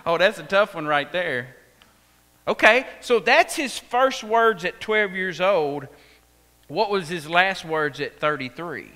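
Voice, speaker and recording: A man with a Texan accent preaching a sermon, telling the story with animated delivery and acting out the voices. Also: high voice, takes it slowly. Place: church sanctuary. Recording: echoey church hall.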